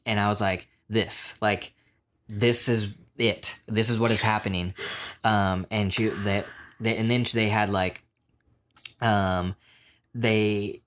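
A man's voice: lowish voice, a bit bright. A man casually telling a travel story, full of fillers and restarts, acting out quoted voices along the way. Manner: rambling, many fillers, acts out quotes. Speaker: storyteller in a podcast chat. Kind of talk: casual chat.

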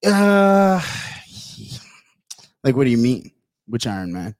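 A man's voice: mid-range voice, sing-song, takes it slowly, darkish tone, dry recording. A man co-hosting a podcast in casual chat, laughing often and playful. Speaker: podcast co-host.

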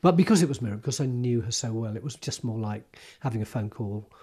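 A man's voice: mid-range voice, lively intonation, quick pace, crowd noise. A male host from East London in casual, reflective chat.

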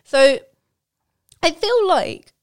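A young woman hosting a podcast, teasing her guest with quick jokes and steering the talk back on track. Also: very high-pitched, expressive, dry recording, studio quality. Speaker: podcast host. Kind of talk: casual podcast chat.

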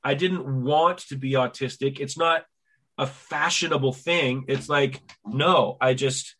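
A man in his forties hosting a podcast, telling long, animated stories full of acted-out quotes in a casual interview chat. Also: medium pitch, a little slow. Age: 40s. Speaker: podcast host.

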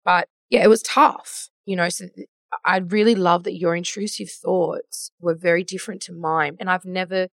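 A woman in her thirties hosts a candid podcast chat, her voice sitting low with a gravelly, fry-laden texture. She rambles with feeling and quotes her own past thoughts. The sound is close and dry. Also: fairly even intonation, normal speed, a bit bright, dry recording. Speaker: podcast host. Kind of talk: candid conversational interview.

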